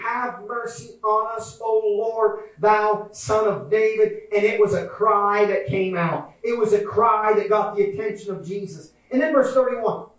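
A man preaching in a very high voice, shouting out his sermon and acting out the people in his story. He sounds a little distant from the mic, and the church hall around him rings with heavy echo. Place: church sanctuary.

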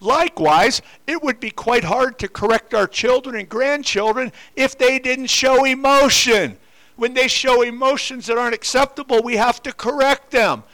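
A man's voice: very high voice, normal speed, sharp tone. An older man preaching a sermon to his congregation, repeating rhetorical questions. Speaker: pastor. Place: church.

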